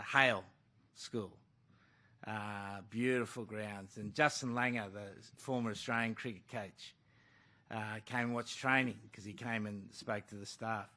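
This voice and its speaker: A man's voice: medium pitch, pushed and bright. A man, a rugby coach, answering questions bluntly at a press conference and calling the questioner mate.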